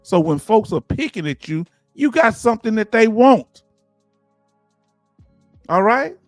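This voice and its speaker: A Southern livestream host with a voice a little high for a man talks casually yet animatedly, preachy in tone and firing rhetorical questions at the chat. He speaks unhurriedly, and the sound is dry and close with no echo and faint music underneath.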